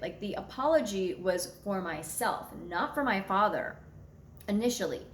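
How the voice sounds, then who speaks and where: A woman's voice: medium pitch, animated, normal speed, roomy sound, a little hiss or hum. A young adult woman astrologer telling a personal story to her viewers in a candid, blunt way, swearing freely. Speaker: astrologer and channel host.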